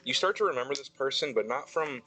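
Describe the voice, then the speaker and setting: A man's voice: medium pitch, lively intonation, fast, crowd noise, rough recording. A man narrating a tabletop game as game master, hesitant and full of ums and restarts.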